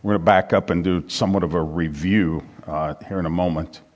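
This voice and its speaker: A male pastor leading an evening Bible study and prayer, speaking in a measured preaching manner with frequent pauses. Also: low-pitched, steady tone.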